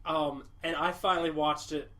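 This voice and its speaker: A man's voice: a little high, fairly even intonation, moderate pace, pushed and bright. A man hosting a podcast, chatting casually and rambling, with lots of swearing and restarts. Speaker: podcast host. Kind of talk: casual chat.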